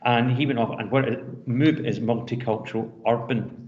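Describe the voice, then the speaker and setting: A man's voice: medium pitch, steady tone, normal speed. A male teacher leading a classroom discussion, rambling and restarting his sentences. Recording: dull lo-fi classroom recording with faint noise.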